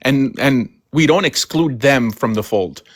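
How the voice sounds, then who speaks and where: A man's voice: medium pitch, a little slow, dry recording. A man on a casual live stream explaining his views earnestly, often adding "you know" and "right". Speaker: guest.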